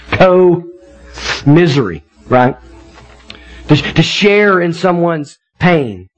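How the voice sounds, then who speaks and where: A man's voice: medium pitch, rough recording. A man in his thirties, a pastor preaching a sermon in a conversational, folksy way, often checking in with his listeners.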